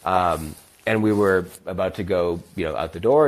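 A young American man hosting a podcast tells a casual, rambling travel story in a low voice at normal speed. He acts out the people he quotes using other voices.

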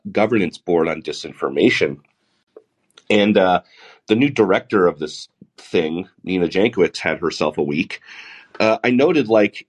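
Sardonic low-voiced man hosting a podcast. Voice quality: baritone. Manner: sardonic, sarcastic asides. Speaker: podcast host. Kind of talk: solo podcast monologue.

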